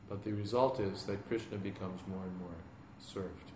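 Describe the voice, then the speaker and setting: A man teaching a question-and-answer class, explaining calmly in plain words with rising emphasis. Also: deep voice, moderate pace. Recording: echoey room with background noise.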